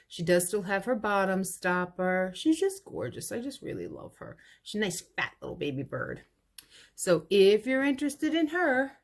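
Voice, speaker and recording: A woman in a relaxed, chatty sale patter, presenting vintage pieces one by one. She talks about them with easy affection, calling them cute little babies. Each pitch ends briskly with a price and a lot number. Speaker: vintage shop owner running an online clearance sale. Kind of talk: casual live sale item presentation.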